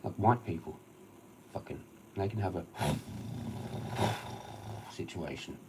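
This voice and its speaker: A man's voice: low voice, takes it slowly, heavy background noise. A man with an Australian accent, ranting on a livestream, swearing heavily and rambling through an agitated story. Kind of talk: casual rambling rant.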